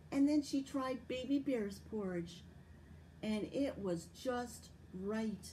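A woman telling a story to children at a library, with a slow, expressive, sing-song delivery. Her voice sits a little high but sounds soft and mellow rather than bright. She takes an unhurried pace. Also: a little hiss or hum, poor audio. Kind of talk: read-aloud story and tips for children.

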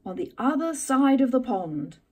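A woman reading a storybook aloud, voicing a wise, kindly old male beaver who explains things gently. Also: sits high, very animated, normal speed, distant mic. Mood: calm, wise.

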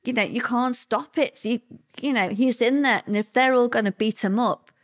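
A woman's voice: a little high, moderate pace. A middle-aged woman, telling a personal story as an interview guest, chatty and repetitive. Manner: conversational, repeats words, lively quoted voices.

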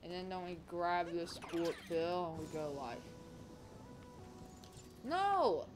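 A woman with a lowish voice talks a video game run out loud, rambling and full of fillers, now and then yelping at a mistake. Clear game music plays loudly under her. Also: moderate pace. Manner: rambling, filler-heavy, excitable outbursts. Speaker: gaming channel host. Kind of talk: casual gameplay commentary.

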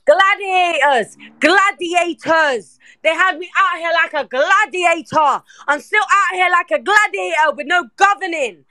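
A woman, ranting furiously in an online audio room, shouting and repeating herself over and over. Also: extremely high pitch, unhurried, hardly any pauses, dry recording. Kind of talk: heated online argument.

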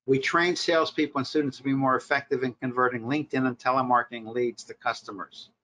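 A man's voice: mid-range voice, steady tone, fast, sharp tone. A man, a marketing professor, leading a recorded workshop lecture, speaking in short punchy directives and rhetorical questions.

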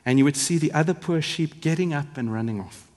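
A man preaching in a big church, his voice sitting a little high for a man. He leans into words for emphasis, then drops soft, and the long reverb of the hall trails every phrase. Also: fairly quick. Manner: emphatic, rising and falling in volume for effect. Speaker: pastor. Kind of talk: sermon.

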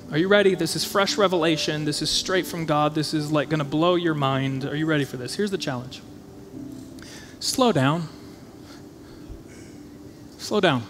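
A man with a high, light voice preaching in a conversational, animated way, slipping into quick acted-out asides. The sound carries the long reverb of a church hall, and soft music plays faintly behind him. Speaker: pastor. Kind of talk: sermon. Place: church auditorium.

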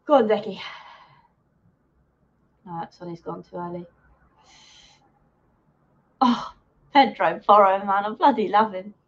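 Excitable woman heckling a match. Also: mid-range voice, slow, long pauses. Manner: excitable, swears and heckles the players and referee. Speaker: fan hosting a live watch-along. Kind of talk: live match commentary. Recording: dull lo-fi sound.

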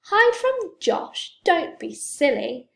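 A woman's voice: high-pitched, big pitch swings, takes it slowly, full character voice. A woman reading the lines of a flustered, fussing mother in a storybook. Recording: roomy echo.

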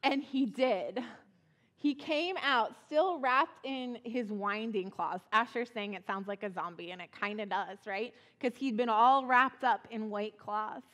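A woman's voice: a little high, a little slow. Woman telling a children's sermon in church. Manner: casual, animated storytelling with acted-out quotes. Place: church sanctuary. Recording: long church reverb.

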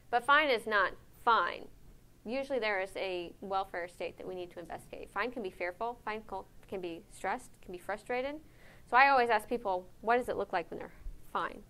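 A woman giving a conference lecture on animal behavior, lively and engaging, often checking in with her audience with questions. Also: mid-range voice. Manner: lively, asks the audience questions, frequent "right?".

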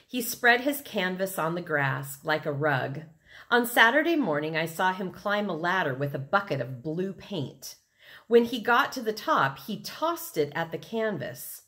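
A woman reading a children's novel aloud, expressive and unhurried. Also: lowish voice. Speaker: reader.

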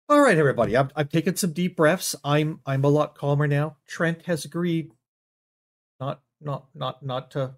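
A man's voice: fairly high pitch, moderate pace. Flustered stammering male comedy host. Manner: exasperated, stammering, bursts into yelling. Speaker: show host. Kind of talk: comic monologue arguing with a silent sidekick.

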